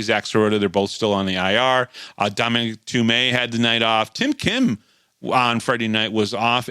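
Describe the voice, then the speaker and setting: A man's voice: medium pitch, pushed and bright, clear, resonant tone, no room sound. A man co-hosting a podcast, chatting casually and recapping hockey games from his notes, with frequent restarts. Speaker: podcast co-host. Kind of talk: casual sports talk and game recap.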